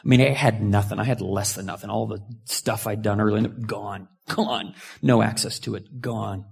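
A man preaching a sermon as a pastor, telling a personal story with lively swings between hushed asides and loud outbursts. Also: lowish voice, normal speed, gravelly, slightly rough.

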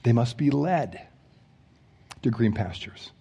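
A man preaching a sermon as pastor, conversational with joking asides to the congregation, swinging between loud emphasis and hushed phrases. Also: mid-range voice, expressive, takes it slowly, vocal fry, breathy edge, lo-fi sound.

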